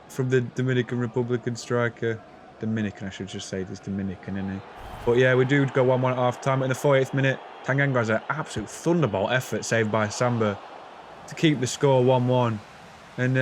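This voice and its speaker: A man's voice: medium pitch, slight background noise. A young man, chatting casually and self-deprecatingly through his football game footage. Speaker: gaming YouTuber. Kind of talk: casual gameplay commentary.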